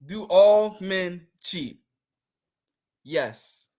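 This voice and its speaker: A man's voice: sits high, animated, drawn-out words, dark tone. A man chatting casually on a talk show, playful and teasing, laughing often and drawing out words for emphasis. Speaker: talk show guest answering live comments. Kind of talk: casual comedic chat.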